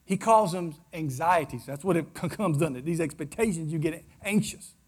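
A man preaching a sermon to his congregation, swinging between loud declarations and hushed, close asides. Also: a little high, moderate pace, slightly rough. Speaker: pastor.

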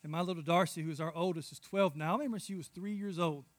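A man in his thirties preaching a sermon, telling stories with big swings from hushed asides to loud outbursts. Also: on the high side, quick pace, no echo. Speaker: pastor.

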